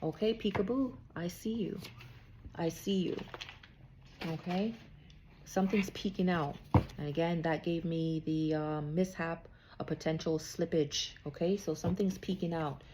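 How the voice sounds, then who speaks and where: A woman's voice: lowish voice, fairly even intonation, unhurried, warm tone, slight background noise. A woman giving a casual spiritual card reading, chatty and checking in with "okay?" after nearly every thought. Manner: chatty, repeats "okay?" often. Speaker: psychic card reader.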